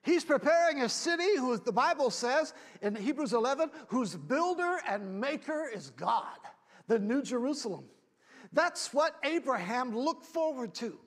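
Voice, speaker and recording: Male pastor preaching, really high voice, gets loud then goes soft. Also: big pitch swings, normal speed. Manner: passionate preaching that swings from loud shouts to quiet talk. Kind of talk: sermon. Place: church.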